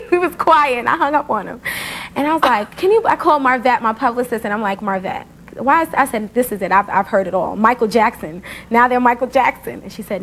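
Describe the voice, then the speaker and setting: A woman telling an excited, animated anecdote, often laughing. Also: a little high, slight background noise, low-quality recording. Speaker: interviewee. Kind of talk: casual anecdote.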